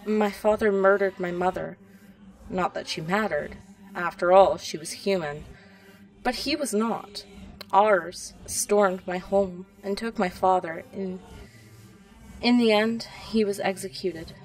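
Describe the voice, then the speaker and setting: A woman reading the lines of a proud, guarded pregnant elven princess, measured and bitter. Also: medium pitch, a little mellow, far from the mic, faint music behind, rough recording.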